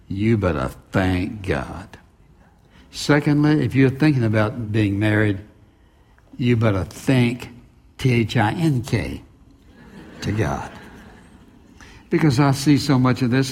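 A man's voice: mid-range voice, a little mellow. A man preaching a sermon, emphatic and full of rhetorical questions and repeated phrases. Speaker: pastor.

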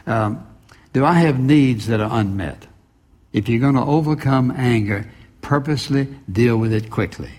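A man's voice: medium pitch, darkish tone. A man preaching a sermon, emphatic and full of rhetorical questions and repeated phrases. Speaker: pastor.

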